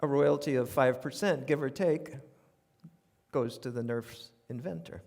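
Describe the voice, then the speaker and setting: A creaky, mid-range male voice moves at a measured pace as an older man with a New York accent performs humorous stories on stage. He's a radio commentator delivering essays as a wry, conversational monologue with animated asides to a live theater audience, recorded with long reverb.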